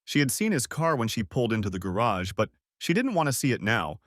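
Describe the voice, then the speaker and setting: Expressive male audiobook narrator. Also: mid-range voice, a little fast, no room sound, studio quality.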